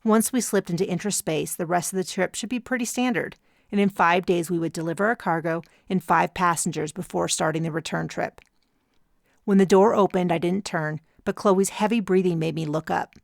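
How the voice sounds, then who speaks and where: A woman narrating a first-person audiobook in a measured storytelling manner on a close mic. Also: lowish voice, creaky, no room sound.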